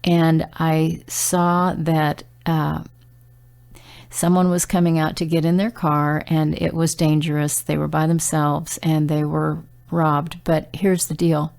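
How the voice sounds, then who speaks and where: A woman's voice: low voice, little pitch movement, takes it slowly, gravelly, darkish tone. A middle-aged woman sharing a devotional message in an earnest, conversational way, telling stories with frequent fillers. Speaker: Christian prophetic speaker.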